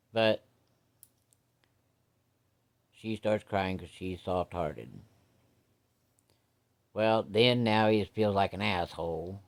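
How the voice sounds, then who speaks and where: A man telling a story in a folksy, casual way, cussing freely and talking straight to his listeners. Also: on the low side.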